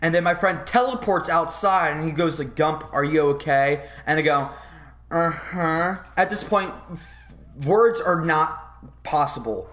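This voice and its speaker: A young man hosting a podcast, telling a long story in a rambling, profane, animated way. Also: fairly high pitch, moderate pace. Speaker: podcast host. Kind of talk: casual storytelling.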